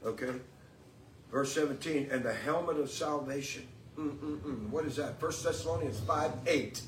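A preacher and podcast host with a voice on the high side speaks at a moderate pace, preaching a sermon with call and response that builds emphatically to exclamations. He is captured on a distant mic in an echoey room with faint noise.

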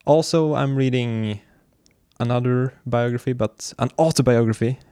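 A man's voice: mid-range voice, normal speed, clean tone, dry recording, clean studio sound. Casual, hesitant young-sounding man chatting. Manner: relaxed, hesitant, many fillers and restarts. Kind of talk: casual chat about books.

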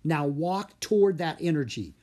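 Reader doing cheerful young girl hero, encouraging, lively, slightly breathy. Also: mid-range voice, normal speed, close to an everyday voice. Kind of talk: audiobook character reading.

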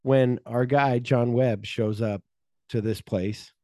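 Mellow-voiced man in casual film chat. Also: mid-range voice, steady tone, dry recording, studio quality. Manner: rambling, acts out scenes in quick quoted voices, swears freely. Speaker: podcast co-host.

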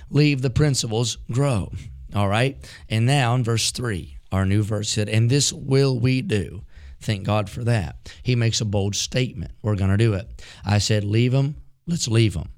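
A man's voice: fairly low pitch, a little mellow. A man preaching a sermon from rural mountain country, building fervent rhythmic repetitions.

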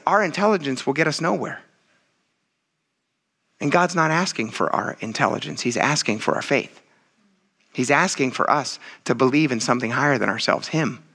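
A man preaches to his congregation in a chatty, direct way, often turning to them mid-sentence. His voice is bright and sits a little high. He builds to loud exclamations when he drives a point home. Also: vocal fry, husky. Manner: casual, conversational preaching, often says "you guys". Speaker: pastor. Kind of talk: sermon.

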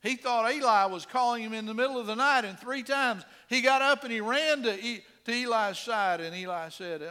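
A middle-aged male pastor preaching a sermon in an earnest manner, swinging between quiet asides and emphatic stresses. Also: extremely high pitch, moderate pace, hardly any pauses, clean tone, in a large hall.

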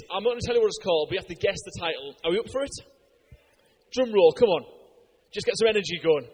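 Chatty high-voiced preacher. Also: male voice, slightly rough, big-room sound, poor audio. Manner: chatty, joking, asks the crowd questions. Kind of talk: lively sermon.

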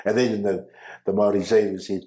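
A man, recounting his life as an interview guest, halting with restarts and frequent chuckles. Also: on the low side, flat delivery, mellow. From New Zealand. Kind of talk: personal storytelling. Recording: echoey room.

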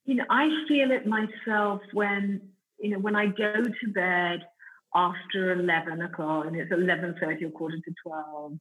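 Woman, middle-aged, Italian accent, bright tone, eager and chatty podcast guest. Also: lowish voice, steady tone, normal speed, rough recording. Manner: enthusiastic, chatty, many fillers and restarts. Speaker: guest, food company founder. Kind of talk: casual podcast interview.

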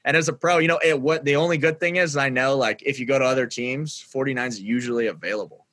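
A man's voice: mid-range voice, fast talker, fairly bright tone, a little hiss or hum. A man, a football player, chatting casually as a guest with many fillers and easy laughs. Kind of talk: casual interview chat.

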